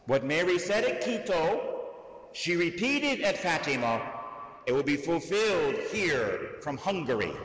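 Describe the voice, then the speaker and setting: A man, a Catholic priest, preaching a sermon to a live audience, telling the story slowly and deliberately and raising his voice for emphasis. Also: medium pitch. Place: large church hall, live audience. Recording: echoey hall, long reverb.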